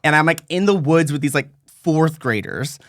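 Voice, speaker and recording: A young man tells a personal story on a podcast in loose, chatty speech, his voice sitting a little high. He mimics the people in his story with sharp leaps up in pitch. The sound is dry and close to the mic. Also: normal speed, dry recording. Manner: animated storyteller, acts out voices with big pitch jumps. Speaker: podcast co-host. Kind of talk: casual storytelling chat.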